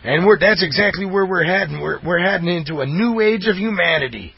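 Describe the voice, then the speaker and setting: A man's voice: sits high, brisk, creaky, breathy edge, dry recording. A man delivering a fired-up, rambling monologue as host, emphatic and insistent. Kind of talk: impassioned conspiracy monologue. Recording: dull lo-fi audio.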